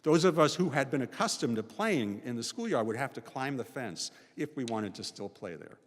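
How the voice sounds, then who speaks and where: A man's voice: medium pitch, expressive, moderate pace. A man in his sixties, a professor giving a chatty personal storytelling talk as a guest speaker, often tagging his sentences with "right?". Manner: conversational, frequent "right?" tags. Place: college chapel. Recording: long chapel reverb.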